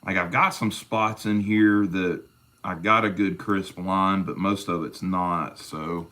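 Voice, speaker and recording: A man with a lowish voice and a drawl, talking through his leather work on a live stream. He rambles along, folksy and easygoing, and calls his viewers brother as he goes. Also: fairly even intonation, slow, bright, forceful tone. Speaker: leatherworking livestream host. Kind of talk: casual livestream chat while crafting.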